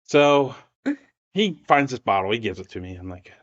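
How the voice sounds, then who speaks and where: Animated storytelling man, lively pitch. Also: moderate pace, dull audio. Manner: animated, acts out voices in his anecdotes. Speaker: podcast guest telling a family story. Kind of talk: casual storytelling.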